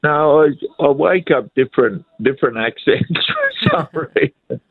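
A man's voice: fairly high pitch, wildly swooping pitch, measured pace, creaky, husky, no room sound. A man calling into a radio show, joking and playful in casual chat. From Australia. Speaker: caller. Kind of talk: casual on-air phone chat. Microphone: phone. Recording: tinny phone line.

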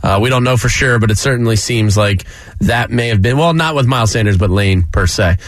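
A man hosting sports talk radio, breezy and quick with sarcasm as he wraps up a guest and sets up the next segment. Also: medium pitch, no room sound.

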